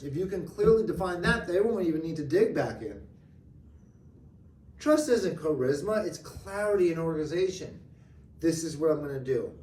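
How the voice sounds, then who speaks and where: A man teaching a real estate training class live, acting out client dialogue in an animated way. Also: on the high side. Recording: echoey room from far off.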